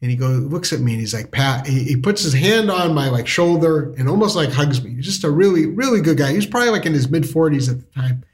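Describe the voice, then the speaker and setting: A man's voice: fairly high pitch, animated, fast talker, hardly any pauses. A man telling a personal story in a casual interview, rambling with restarts and lots of filler words. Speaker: storyteller guest.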